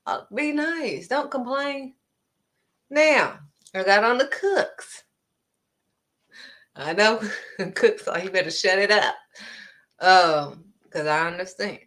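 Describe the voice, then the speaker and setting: A woman's voice: medium pitch, fairly bright tone. A woman giving an informal devotional message, emphatic and scolding, hammering her points home with short blunt words. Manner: informal, conversational preaching. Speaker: preacher.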